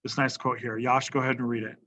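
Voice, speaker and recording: A man's voice: mid-range voice, little pitch movement, fast talker, pushed and bright, slight background noise, low-quality recording. A man teaching a history lesson to students in a casual classroom manner, often checking in with the class. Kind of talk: classroom lecture.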